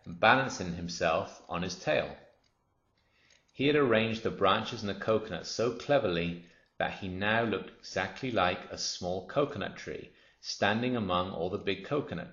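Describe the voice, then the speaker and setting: A man narrating a children's story aloud in a steady, expressive reading voice. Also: lowish voice. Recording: roomy, dull lo-fi.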